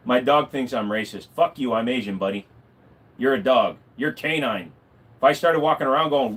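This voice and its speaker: A man talking casually to viewers on a livestream, rambling and swearing freely. His pitch swings widely as he talks, around a middle register. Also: normal speed. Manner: animated, swearing, rambling with fillers. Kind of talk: casual live-stream chat.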